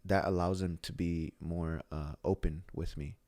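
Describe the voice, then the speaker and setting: A man's voice: deep voice, steady tone, normal speed, a little mellow, no room sound. A middle-aged man who owns a gym, chatting casually and telling rambling stories with lots of restarts. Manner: rambling storyteller with many restarts. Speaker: gym owner. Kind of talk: casual podcast conversation.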